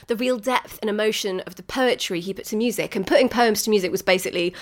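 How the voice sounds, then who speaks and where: A woman's voice: mid-range voice, fast. A woman co-hosting a podcast, explaining music history in a chatty way with frequent giggles and asides. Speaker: podcast co-host.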